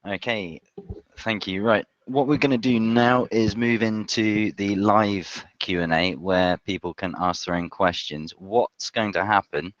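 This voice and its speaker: A man's voice: sits low, a bit bright, no room sound, muffled recording. A man moderating a live Q&A, reading out questions with wry, dry humor.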